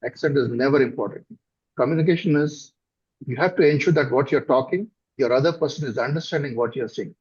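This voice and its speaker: A middle-aged man with a South Indian accent gives interview answers in a husky voice at an average pitch for a man. He talks thoughtfully and haltingly, pausing on fillers and restarting phrases. The recording sounds dull and lo-fi. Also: darkish tone. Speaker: company director, guest.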